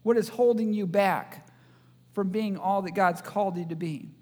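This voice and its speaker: A high-pitched male pastor preaching in a church with a long, ringing reverb. He teases the congregation and tosses questions at them as he goes. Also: moderate pace, dark tone. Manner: joking, audience-engaging preacher. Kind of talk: sermon.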